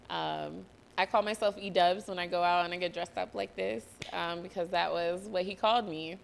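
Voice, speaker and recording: A woman's voice: lowish voice, steady tone, moderate pace, vocal fry, hardly any pauses, slight background noise. A young woman hosting a solo podcast, telling a personal story candidly, swearing freely and close to tears at times. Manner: candid, swears freely, laughs and nearly cries. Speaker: podcast host.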